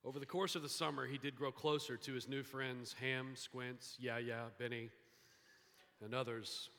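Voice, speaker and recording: A man preaching a sermon as pastor, telling a story and moving between hushed and lively emphasis. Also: medium pitch, normal speed. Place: church sanctuary. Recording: hall reverb.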